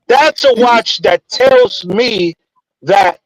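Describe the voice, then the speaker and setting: A man's voice: very high-pitched, huge pitch swings, extremely slow, no echo, poor audio. A man bantering and joking on a video call stream, repeating himself for effect. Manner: joking, repetitive, playful.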